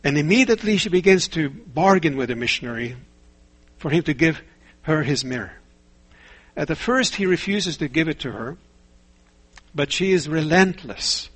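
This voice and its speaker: A man preaching a sermon in a measured way, asking rhetorical questions and telling stories. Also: on the high side, expressive, a bit bright, husky.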